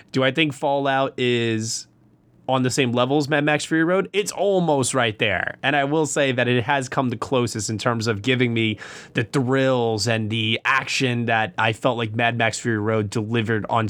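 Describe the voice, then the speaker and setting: A man's voice: mid-range voice, a bit bright, dry recording. A man hosting a podcast, chatting casually and gushing with enthusiasm about a film. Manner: enthusiastic, gushing, repeats himself. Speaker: podcast host. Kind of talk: casual film review chat.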